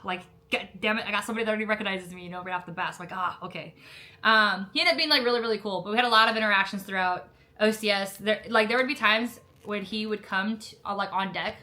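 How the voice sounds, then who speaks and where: A woman's voice: mid-range voice, sharp tone. A young woman casually telling a story about officer training, chatty and full of fillers, laughing now and then. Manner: laughs often while retelling. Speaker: Marine officer candidate telling her story.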